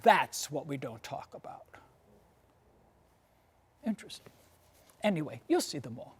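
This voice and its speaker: Animated woman telling history stories. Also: deep voice, measured pace, slightly rough. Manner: animated storyteller with rhetorical questions and frequent "you see". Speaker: lecturer and tour guide. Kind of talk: storytelling lecture.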